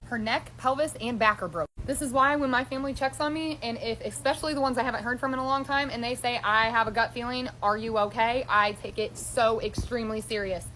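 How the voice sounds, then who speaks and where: Higher-pitched woman with a faint hiss of background noise, telling a story casually to camera in a blunt, emphatic way and swearing without a second thought. She sounds forthright and unfiltered throughout. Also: steady tone, brisk, hardly any pauses, fairly bright tone, rough recording.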